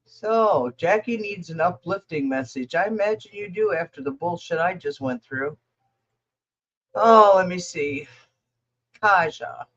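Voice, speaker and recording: A woman's voice: lowish voice, expressive, measured pace, muffled recording. A woman reading tarot cards for viewers in a casual livestream, rambling, blunt and emotional as she talks to the chat. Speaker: tarot reader answering viewer questions.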